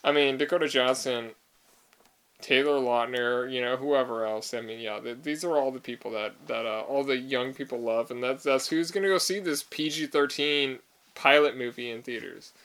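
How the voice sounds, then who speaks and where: A man's voice: mid-range voice, moderate pace, fairly bright tone, smooth. A man co-hosting a casual podcast, teasing and arguing about movie casting and laughing often. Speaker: podcast co-host.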